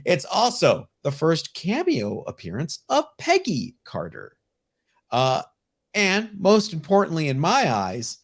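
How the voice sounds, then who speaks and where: A high-pitched man co-hosts a casual podcast on comic book collecting, speaking without hurry. He brings an enthusiastic energy and lively collector banter.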